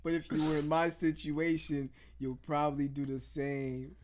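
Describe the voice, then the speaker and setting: A man's voice: a little high, steady tone, normal speed, a little mellow, dry recording. A young man in casual podcast chat, talking bluntly and crudely and laughing along.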